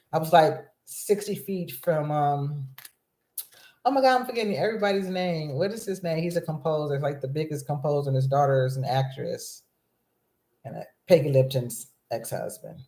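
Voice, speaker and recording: A woman's voice: lowish voice, darkish tone. A woman in her fifties from Los Angeles, hosting a live video chat, bubbly and scattered, often restarting her sentences. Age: 50s. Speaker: vlog host. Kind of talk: excited rambling livestream chat. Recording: roomy echo.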